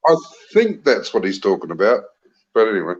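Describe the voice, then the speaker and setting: Lowish-voiced New man with a cold. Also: wildly swooping pitch, brisk, highs cut off, a crowd in the background. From New Zealand. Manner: self-mocking, dry joking. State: has a cold. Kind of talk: casual live-stream chat. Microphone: video call.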